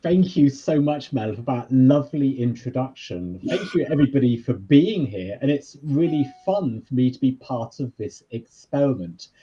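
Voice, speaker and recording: A man's voice: mid-range voice, expressive, normal speed, hardly any pauses, mellow, dull audio, slight background noise. A man with a British accent, a university lecturer explaining his topic in a conversational way during a live online session.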